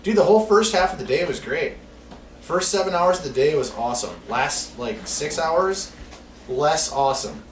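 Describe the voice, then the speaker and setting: A man's voice: fairly high pitch, expressive, normal speed. A man telling a rambling, profane story in casual podcast talk. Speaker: podcast co-host. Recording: echoey room, distant mic, noisy.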